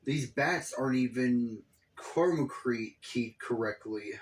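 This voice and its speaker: A man's voice: mid-range voice, slow. A man giving casual, profane reaction commentary on a video, exasperated and rambling.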